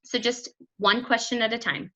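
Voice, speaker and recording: A woman giving energetic, chatty motivational coaching talk to a group, often acting out quotes. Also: on the high side, normal speed, highs cut off. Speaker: fitness business coach.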